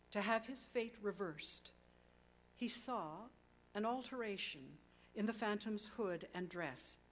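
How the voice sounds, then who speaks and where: A woman narrating a classic story aloud with expressive, dramatic pacing that slows on key words. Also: medium pitch.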